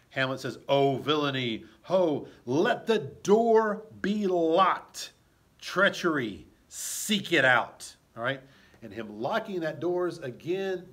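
Brief: male teacher walking through a play, unhurried, mid-pitched, explanatory, keeps asking if it's clear. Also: fairly bright tone. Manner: slow, explanatory, frequent check-ins.

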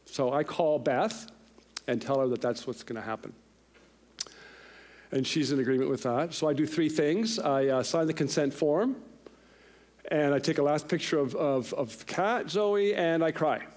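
A middle-aged man preaching a sermon in a church, telling a personal story with lively, animated delivery and voicing the people in it. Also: fairly high pitch, moderate pace. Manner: animated storyteller, voices others in the tale. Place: church sanctuary.

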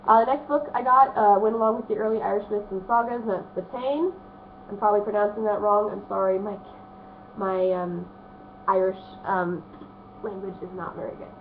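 Her mid-range voice is fairly even in intonation and brisk as this woman in her thirties casually chats through her book haul for a vlog. She rambles, sounds stuffy-nosed, and leans on fillers, all over tinny, phone-like lo-fi audio with slight background noise.

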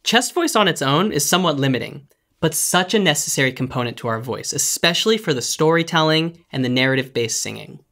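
A vocal coach giving calm, clear, step-by-step instructions in a scripted singing lesson. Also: medium pitch, a little fast.

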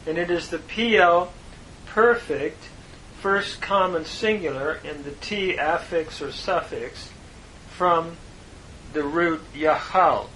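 A man teaching a Bible lesson on Hebrew grammar, explaining each word slowly and earnestly. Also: fairly high pitch, a bit bright, slight background noise, rough recording. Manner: slow, deliberate explanation with earnest emphasis.

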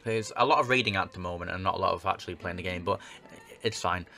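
A man's voice: low-pitched, quick pace, creaky, pushed and bright, faint music behind. A young man hosting a casual let's-play, chatting and joking about himself as he plays a game. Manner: chatty, self-mocking, reads on-screen game text aloud. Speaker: gaming video host.

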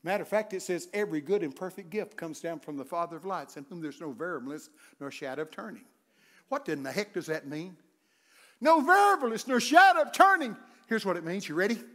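An older man preaching a humorous sermon, telling folksy stories and breaking into loud shouts. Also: fairly high pitch, fast talker. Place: church sanctuary.

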